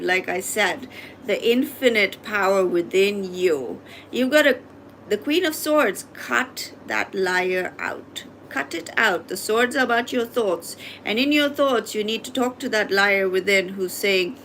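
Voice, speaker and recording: A woman reads tarot cards live in a mid-pitched voice, speaking straight to her viewers and pressing them with repeated questions. The recording carries a faint hum of background noise. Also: animated, unhurried, a bit bright. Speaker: tarot reader. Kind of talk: live tarot reading and coaching.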